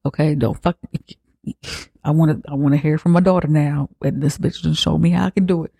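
A man's voice: a little high, fairly even intonation, brisk, vocal fry, dark tone, breathy edge, no echo, clean studio sound. A man voicing a frantic, pushy grieving mother in a casual retelling, pleading and swearing. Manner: pleading, profane, insistent.

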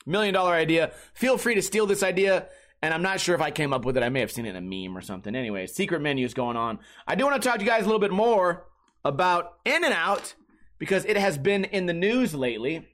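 A man's voice: fairly high pitch, a bit bright. A young man hosting a comedy podcast alone, rambling in a crude, casual way with many restarts. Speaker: podcast host.

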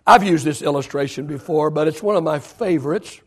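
A man in his fifties preaching a sermon to a church, swinging between loud declarations and hushed whispers. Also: fairly high pitch, a little fast, husky. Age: 50s. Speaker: pastor.

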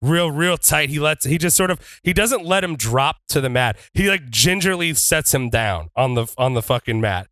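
A man narrates his wrestler's moves during a tabletop game, in a bright, slightly high voice. He talks in a playful way, with plenty of swearing. The sound is dry and close. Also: lively intonation, normal speed, hardly any pauses, dry recording. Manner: profane, playful, switches into shouted wrestler taunts.

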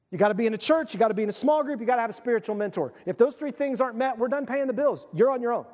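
A man's voice: very high voice, rapid-fire, few pauses, a little mellow, big-room sound. A middle-aged male pastor preaching a sermon in a conversational, emphatic way.

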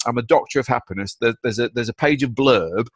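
A man, a guest author, telling stories in a blunt, energetic, chatty way with the odd swear word. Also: mid-range voice, brisk, breathy edge, no room sound. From United Kingdom. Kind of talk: casual chat, storytelling.

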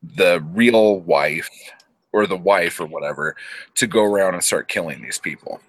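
Male co-host, very deep, dry close sound, rambling profane storyteller. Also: normal speed, no echo. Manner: rambling, profane, acts out characters in quotes. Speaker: podcast co-host. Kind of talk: casual movie recap chat.

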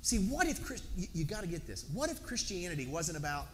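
A man's voice: high-pitched, sing-song, fast, hardly any pauses, fairly bright tone. A middle-aged man with a Southern US accent, preaching an emphatic sermon and repeating words for stress. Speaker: pastor. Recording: echoey hall, faint background noise.

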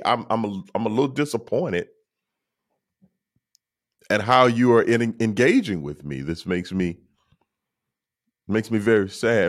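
A man hosting a show, talking in a casual, preachy monologue and repeating phrases for emphasis. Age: adult. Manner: mocks others in high teasing voices. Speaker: podcast host.

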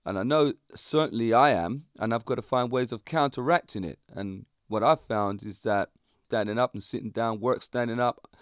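A middle-aged man holds forth on his own podcast like a fitness coach giving a pep talk. He is emphatic and preachy, piles up rhetorical questions and chuckles at his own lines. His voice sits at an ordinary pitch and sounds close and dry, with no room around it. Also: moderate pace, no room sound. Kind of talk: casual podcast monologue.

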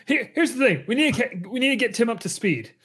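A man hosting a comedy podcast, playful and quick to laugh in casual banter. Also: very high-pitched, sing-song, a bit bright, slightly rough. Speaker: podcast host.

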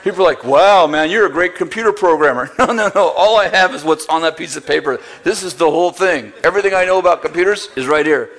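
A man's voice: on the high side, fast talker, creaky, few pauses, fairly bright tone. A man preaching a sermon, telling a story with acted-out dialogue and bursts of laughter. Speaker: pastor.

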